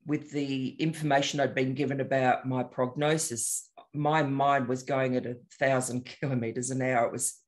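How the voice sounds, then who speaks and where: An older meditation teacher introduces a guided meditation, speaking gently, unhurriedly, and reflectively. His voice is medium-pitched and steady in tone.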